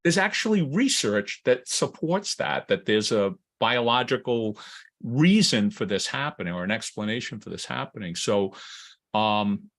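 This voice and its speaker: A man's voice: medium pitch, lively intonation, measured pace, fairly bright tone. A man co-hosting a casual legal discussion, talking hesitantly with many restarts and laughing often. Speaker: co-host.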